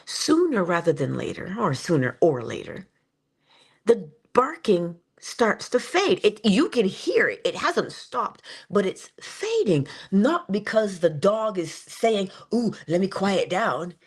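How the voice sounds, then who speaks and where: A woman talks about meditation in a relaxed, conversational way. She tosses in playful asides and stretches out key words slowly for emphasis. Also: medium pitch, breathy edge. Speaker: inspirational speaker. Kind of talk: spiritual talk on meditation.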